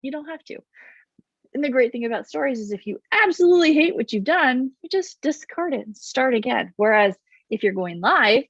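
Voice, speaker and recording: A woman coaching straight to camera in an easy, chatty way. She is loud and quick with bouncy energy. The sound is dry and a bit dull and lo-fi. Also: high voice, breathy edge, dry recording. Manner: loud, fast, animated talker who talks with her hands. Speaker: business coach. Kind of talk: casual to-camera advice.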